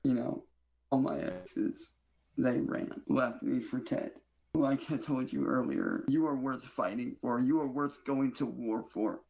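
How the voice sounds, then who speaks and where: A man's voice: mid-range voice, animated, unhurried, creaky, darkish tone. A man recording his own video messages, alternating boastful wrestling-style bravado with teary declarations of love. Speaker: online streamer. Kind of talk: self-recorded video monologue.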